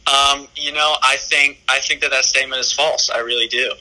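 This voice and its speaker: A young man joins a podcast as a guest over a phone call. He talks in a friendly, halting way full of fillers. His voice is very bright and sharp. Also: mid-range voice, steady tone. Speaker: guest caller. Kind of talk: casual chat.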